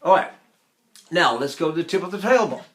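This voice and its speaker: A man's voice: fairly high pitch, expressive, fairly quick, fairly bright tone. An older man, a tenor and voice teacher, giving a conversational lecture with many fillers and occasional sung examples. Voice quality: trained tenor voice. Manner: conversational, many fillers, breaks into full operatic singing.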